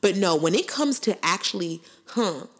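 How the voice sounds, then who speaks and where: A woman's voice: lowish voice, animated, normal speed, breathy edge. Woman, 20s, podcast host, earnest conversational monologue with preacherly asides. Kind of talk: faith-based podcast monologue.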